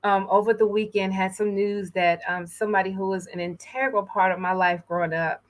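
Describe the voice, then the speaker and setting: A woman's voice: mid-range voice, steady tone. Earnest woman hosting an inspirational show. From New York. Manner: earnest and heartfelt, conversational with frequent pauses. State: a little emotional. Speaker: host. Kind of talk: inspirational talk show monologue.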